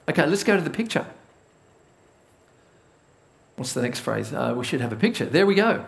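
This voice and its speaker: Animated storytelling preacher, slightly high voice. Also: male voice, fast talker, gravelly. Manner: lively storytelling, acts out the biblical characters' panic; talks directly to the congregation with questions. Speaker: pastor. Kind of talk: conversational sermon with Bible reading.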